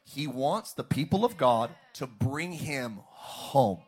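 A man preaching a sermon as pastor, calling out to the congregation and rising to shouts. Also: medium pitch, animated, slow pace, slightly rough. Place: church service, streamed online.

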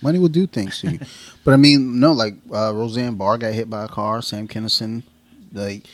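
An American man co-hosts a casual podcast chat, joking, swearing, acting out quotes and laughing often. His voice is fairly low in pitch, at a moderate pace.

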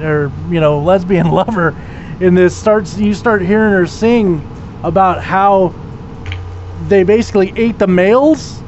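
A man's voice: high-pitched, measured pace, darkish tone. A man chatting casually as a podcast co-host, rambling, swearing, and often restarting his sentences. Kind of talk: casual chat. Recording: dull lo-fi recording, faint noise.

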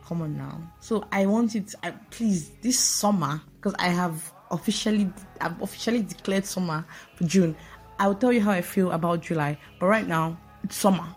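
A woman's voice: lowish voice, moderate pace, faint music behind. A woman hosting a casual solo podcast voice note, chatty and playful with self-mocking asides. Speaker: podcast host.

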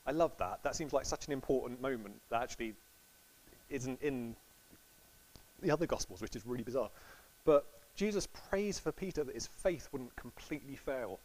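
A man's voice: mid-range voice, lively intonation, moderate pace, darkish tone, poor audio. A man giving a casual, chatty sermon to a congregation, acting out quotes with laughs. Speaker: preacher.

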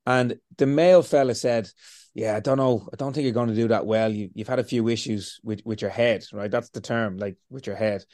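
A man being interviewed, telling lively stories, swearing freely and acting out what he said to himself. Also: fairly low pitch, brisk, no echo, clean studio sound. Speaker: interview guest. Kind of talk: casual storytelling.

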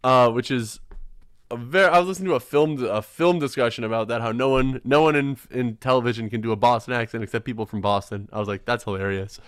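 A young man hosting a casual sports podcast, excitable and quick to laugh, often restarting his sentences. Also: medium pitch, clear, resonant tone, no echo, studio quality. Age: young adult. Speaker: podcast host.

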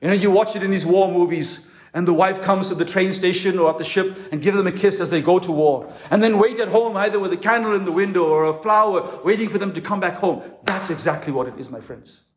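Impassioned high-voiced preacher in an echoey hall. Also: male voice. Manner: impassioned preaching with dramatic pauses. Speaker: pastor. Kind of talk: conference sermon. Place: conference hall.

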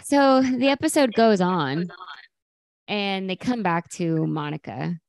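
A woman's voice: mid-range voice, slow pace, vocal fry, no echo. A woman casually recapping a sitcom episode, animatedly quoting the characters. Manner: animated retelling, quoting characters in lively voices. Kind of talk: casual chat.

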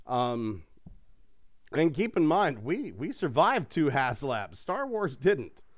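A man's voice: on the high side, takes it slowly, dry recording, clean studio sound. A man hosting a casual chat, swearing freely and laughing as he tells stories. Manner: profane, laughing, animated storytelling.

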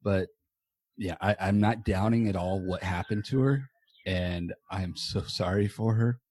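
A podcast host with a deep, darkish voice chats loosely and casually with a guest from his small home office, swearing now and then. He speaks unhurriedly, recorded on earbuds.

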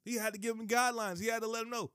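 A man preaching on his podcast, animated, digressing and breaking into high excited exclamations. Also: rapid-fire, no room sound, clean studio sound. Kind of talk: sermon.

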